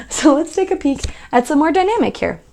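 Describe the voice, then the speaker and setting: A woman's voice: high voice, very animated, moderate pace, creaky, a little mellow. A young woman giving a casual tarot reading, chatty and reassuring, with lots of fillers and playful quoted voices. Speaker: tarot reader.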